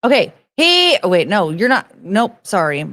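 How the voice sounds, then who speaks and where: A woman in her forties chatting casually on a livestream, rambling and excitable, swearing freely, with sudden loud outbursts. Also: mid-range voice, measured pace. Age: 40s. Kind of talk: casual livestream chat reading viewer messages.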